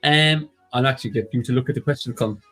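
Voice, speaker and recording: A man hosting a quiz on a casual live stream, briskly reading out standings and joking with his co-host. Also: medium pitch, pushed and bright, soft background music.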